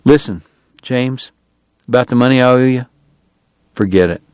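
A man's voice: mid-range voice, normal speed, a little mellow, clean tone, dry recording, lightly acted. Man doing a blunt, weary frontier lawman. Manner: blunt and level.

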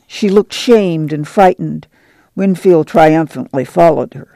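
Gravelly, mellow male audiobook narrator. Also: a little high, no room sound. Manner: measured, even storytelling.

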